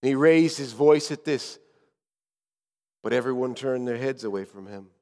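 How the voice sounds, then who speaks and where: A man preaching a sermon as a first-person story, told dramatically and often dropping to hushed tones. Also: medium pitch, normal speed, big-room sound.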